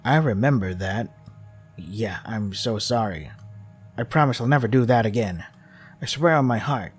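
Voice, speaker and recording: A man's voice: lowish voice, expressive, moderate pace, husky, soft background music. A man reading a visual novel aloud, with wry asides that include swearing. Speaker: game streamer.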